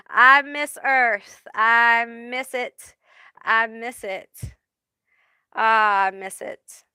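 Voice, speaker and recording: A woman voicing a departed spirit who slowly and wistfully says it misses Earth, with soft laughs. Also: on the high side, steady tone, clear, resonant tone, no room sound, studio quality, full character voice. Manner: slow, drawn out, with soft laughs.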